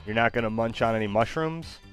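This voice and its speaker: A man chatting casually with an AI, playful and halting, with fillers. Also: mid-range voice, a bit bright, soft background music. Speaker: user chatting with an AI. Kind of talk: casual chat.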